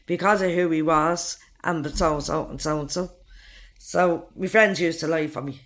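Blunt, foul-mouthed Irish woman in her forties. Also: lowish voice. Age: 40s. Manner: blunt, swears freely, acts out others' lines. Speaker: interviewee. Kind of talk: recounting her life story.

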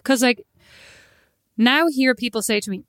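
An Irish woman in her early forties co-hosting a podcast, telling stories in casual chat with lively, animated delivery. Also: fairly high pitch, measured pace, dry recording, clean studio sound. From Ireland. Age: early 40s. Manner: chatty, animated storyteller with frequent laughs. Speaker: podcast co-host.

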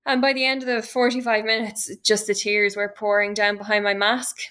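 An Irish woman in her thirties recounts a hard personal experience in a bright, crisp voice. She speaks earnestly and with deep feeling, breaking off mid-sentence and starting again as she tells it. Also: flat delivery. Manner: earnest and emotional, with halting restarts. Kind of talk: personal storytelling.

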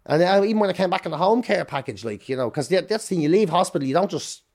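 A middle-aged Irish man talking as a podcast guest, telling his story candidly in a fast, swearing, self-interrupting way. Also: high voice, lively intonation, gravelly, a little mellow. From Ireland.

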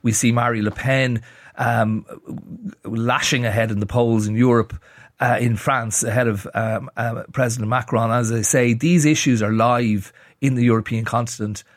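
A man, a newspaper editor on a radio panel, talking in a measured way with frequent restarts. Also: mid-range voice, steady tone, no echo, studio quality.

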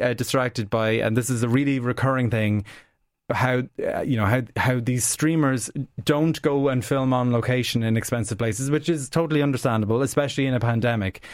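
A man's voice: medium pitch, no echo, clean studio sound. A man reviewing TV shows in casual radio chat, opinionated and given to restarts. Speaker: TV critic guest.

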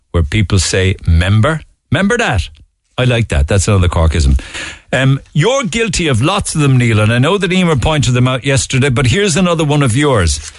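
A man's voice: mid-range voice, no echo, studio quality. A man with a Cork Irish accent hosting a talk radio show, reading listener texts in a chatty, amused way. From Ireland. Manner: chatty, amused, often laughing. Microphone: studio microphone.

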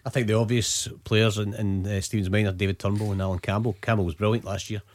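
A man with a Scottish accent giving football analysis on radio, rushing with tumbling restarts. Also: on the low side, level tone, background noise. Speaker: football pundit. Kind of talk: radio punditry.

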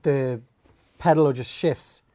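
A middle-aged man, a podcast co-host telling animated stories about parenting and mimicking himself shouting at his kids. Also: medium pitch, measured pace. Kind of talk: casual chat.

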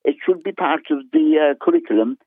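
A man's voice: a little high, lively intonation, brisk, slightly rough. Earnest Cork man on a tinny phone line. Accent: Cork Irish. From Cork, Ireland. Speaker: caller. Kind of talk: radio phone-in chat.

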